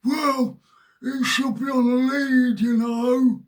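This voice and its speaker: Man putting on a shrill nagging old man. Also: flat delivery, takes it slowly. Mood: scolding. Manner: nagging, self-righteous. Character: shrill old man scolding about rules. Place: outdoors.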